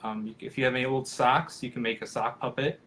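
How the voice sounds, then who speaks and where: Guy in his 30s doing a puppetry q&a over video, mid pitch, lots of ums and restarts, kinda rambly. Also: steady tone, fast, fairly bright tone. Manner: rambling and friendly, many fillers and restarts. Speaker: professional puppeteer. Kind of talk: casual live Q&A on a video call.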